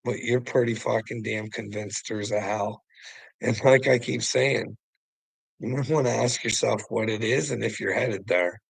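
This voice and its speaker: A livestream host talks directly to a viewer in a taunting, profane, preachy monologue, mocking him with frequent laughter and calling him "bud" and "brother." His lowish voice is fairly even in intonation and unhurried, with vocal fry and a breathy edge. The recording is rough, with no room sound.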